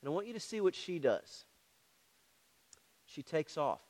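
A man's voice: on the high side, sing-song, unhurried, a little mellow. A man preaching a sermon, telling Bible stories and checking in with the congregation with frequent asides. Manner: storytelling with frequent "all right?" asides to the congregation; acts out voices in his stories. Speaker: pastor.

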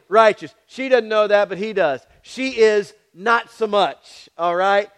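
Male preacher, high, smooth and resonant voice, storytelling sermon full of asides to the congregation. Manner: storytelling with frequent "all right?" asides to the congregation; acts out voices in his stories. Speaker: pastor.

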